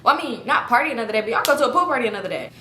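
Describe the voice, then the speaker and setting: Recorded in an echoey room, a young woman tells a story from her own life in a casual, slangy way, animatedly acting out what people said. Her voice is a little high and she races along, with a little hiss or hum in the background.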